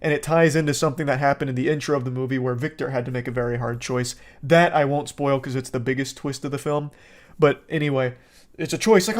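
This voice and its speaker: A man's voice: mid-range voice, fairly even intonation, a little fast. A man, an online movie reviewer, ranting in a sarcastic, exasperated and profane style. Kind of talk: casual ranting commentary.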